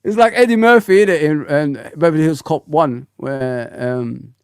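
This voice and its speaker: A man in his forties hosting a fan livestream, talking bluntly in an animated, ranting way full of slang. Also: fairly high pitch, normal speed, smooth, no echo, clean studio sound. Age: 40s. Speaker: football fan channel host. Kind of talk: casual livestream rant.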